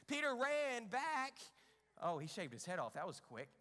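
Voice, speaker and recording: A man's voice: very high voice, normal speed, in a large hall. A man leading a children's church lesson, acting out a Bible story and asking the kids questions. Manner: animated, asks the children questions. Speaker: children's ministry leader. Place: church kids' room stage.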